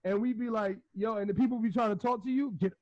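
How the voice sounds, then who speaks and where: This is a middle-aged man with a high voice, chatting casually as a podcast co-host. He tells rambling, animated stories, laughs often and acts out quotes. The recording is dry and a little muffled. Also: quick pace, no echo. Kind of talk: casual chat.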